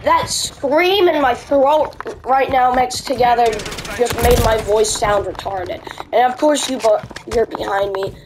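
A woman's voice: fairly high pitch, a little slow, few pauses, background noise. A woman giving casual gameplay commentary, ranting bluntly about the game as she plays. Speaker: gamer streamer.

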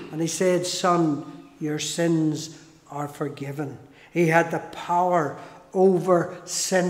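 A man delivers a sermon at a measured, unhurried pace, his voice sitting high for a man. He leans on repeated phrases for emphasis. The sound rings with a long, echoey church reverb. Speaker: preacher.

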